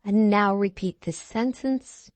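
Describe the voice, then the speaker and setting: A woman's voice: medium pitch, takes it slowly. A woman reading short instruction prompts in a language lesson. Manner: brief, even instructions.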